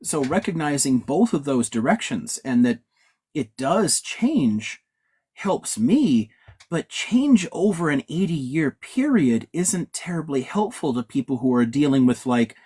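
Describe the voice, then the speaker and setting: A man's voice: on the high side, big pitch swings, unhurried, mellow, breathy edge. A man talking in a casual discussion, thoughtful and hesitant, with frequent restarts. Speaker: discussion panelist.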